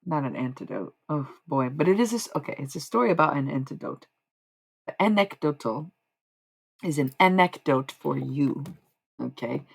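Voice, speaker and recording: On a rough recording, a woman with a very deep, creaky voice and a breathy edge livestreams as a self-described medium. Her monologue rambles and meanders, and she often stops to correct herself.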